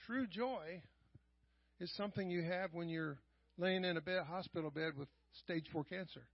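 A middle-aged man with a high voice preaches a sermon, dropping to quiet asides and then rising to loud, raised passages. The sound is dry, with no room echo, and muffled like a lo-fi church live stream. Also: moderate pace, vocal fry. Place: church sanctuary.

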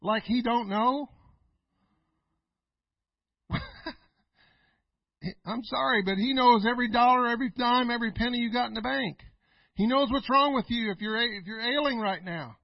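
A middle-aged male pastor preaching a folksy sermon, laughing often and swinging between loud and quiet. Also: very high-pitched, a little slow, vocal fry, pauses often, dry recording, lo-fi sound.

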